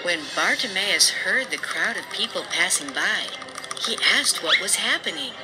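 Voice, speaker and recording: A narrator telling an animated Bible story for children in a clear storytelling manner. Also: medium pitch, moderate pace, heavy background noise, natural voice. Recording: played video with loud music.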